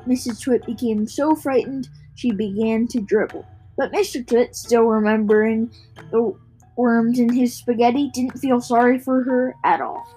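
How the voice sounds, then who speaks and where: A woman reads a children's storybook aloud in a fairly high voice, taking her time and now and then stumbling and restarting a word. Soft music plays faintly beneath her reading. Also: steady tone, slightly rough, low-quality recording. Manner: unhurried, with small slips and restarts. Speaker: reader.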